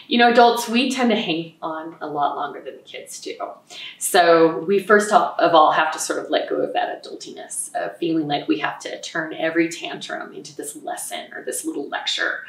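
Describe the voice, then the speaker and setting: A woman parenting expert giving calm, explanatory advice in an interview, acting out what parents might say. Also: fairly low pitch, creaky. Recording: roomy echo, mic at a distance.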